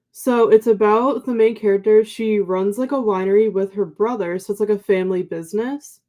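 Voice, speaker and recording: Young woman host, mellow sleepy morning voice, chatty filler-heavy livestream talk. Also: medium pitch. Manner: chatty, many ums and likes, warm thanks to viewers. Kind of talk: casual livestream chat reading viewer comments.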